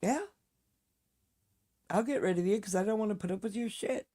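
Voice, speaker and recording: A woman's voice: medium pitch, moderate pace, mellow. A woman streaming live, talking bluntly and with heavy profanity as she rants straight to her viewers. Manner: fired-up ranting to viewers. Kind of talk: casual live-stream chat.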